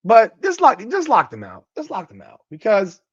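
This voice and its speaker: A man's voice: high-pitched, wildly swooping pitch, normal speed, slightly rough, dry recording, lo-fi sound. A man hosting a podcast, giving casual, profane and incredulous commentary. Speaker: podcast host.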